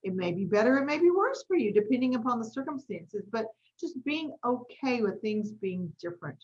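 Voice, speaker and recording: On a casual live stream, this woman coaches and hosts, spinning a chatty story full of "y'all." She speaks a little fast in a sing-song, somewhat mellow voice on the high side, and the audio is dull.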